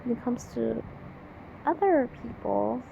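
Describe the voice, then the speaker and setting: A woman's voice: fairly high pitch, expressive, unhurried, gravelly. A woman with a childlike-sounding voice, reading a story aloud and mocking it with incredulous asides. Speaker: channel host reading a story. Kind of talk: sarcastic reading commentary. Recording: dull lo-fi with faint hiss.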